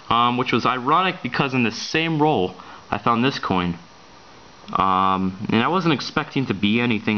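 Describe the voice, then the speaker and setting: A man casually showing off his coin finds in a vlog, talking in a hesitant, rushed way with lots of ums and restarts. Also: lowish voice, lo-fi sound. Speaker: coin collector vlogger. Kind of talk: casual show-and-tell vlog.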